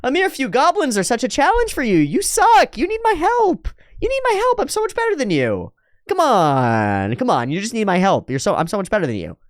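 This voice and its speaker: A man's voice: very high-pitched, wildly swooping pitch, a little fast, dry recording, studio quality, voice pushed up, heavily acted. A man voicing an arrogant young male mage, talking down to everyone in a smug, theatrical way. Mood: mocking.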